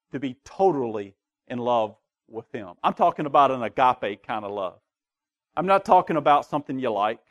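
A middle-aged man preaching a sermon as pastor, moving between loud calls and quiet, low asides. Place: church sanctuary.

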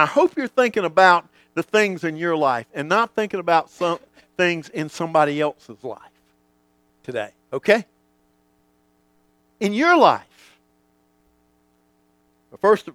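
Animated preacher, high and lively. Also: male voice, measured pace, pauses often, no room sound. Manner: dramatic swings from booming to hushed, acts out quoted voices. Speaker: pastor. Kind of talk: sermon.

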